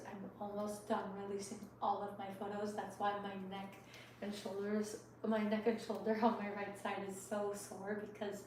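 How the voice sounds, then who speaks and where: A woman in her thirties closing out a livestream from her home kitchen, talking softly and heartfelt, rambling with many fillers. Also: mid-range voice, distant mic, slight background noise. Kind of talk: casual livestream sign-off chat. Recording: echoey room, voice from off the mic.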